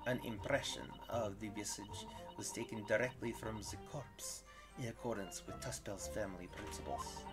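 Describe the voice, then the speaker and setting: A man voicing a proud middle-aged French woman waxwork sculptor, with a put-on French accent, theatrical and deliberate. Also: lowish voice, close to an everyday voice.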